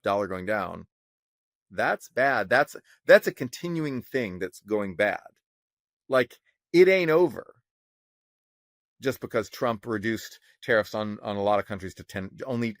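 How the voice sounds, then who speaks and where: Sarcastic, fast-talking man with a low voice. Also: no echo, studio quality. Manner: animated, sarcastic, swears freely, mocking quotes. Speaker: podcast co-host, economist. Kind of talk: casual opinionated chat.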